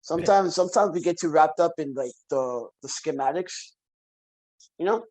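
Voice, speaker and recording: Animated man telling stories, fairly high voice. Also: normal speed, low-quality recording. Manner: animated storyteller, repeats phrases for emphasis. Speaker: podcast guest. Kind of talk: casual conversation.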